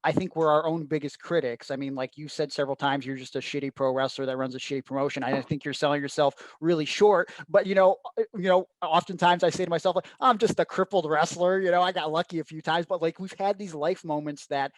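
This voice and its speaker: A slightly high-voiced man hosts a casual podcast with real enthusiasm, stumbling over the first words of his sentences. His voice is recorded dry and close, with no room sound. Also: steady tone, fast talker, few pauses, no echo. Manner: enthusiastic, profane, repeats words when starting a sentence. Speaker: podcast host, wrestler.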